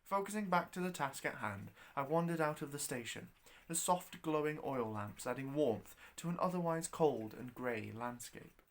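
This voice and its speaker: A man reading his own novella aloud as narrator, with an expressive, wry delivery. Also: medium pitch, normal speed, few pauses. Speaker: storyteller.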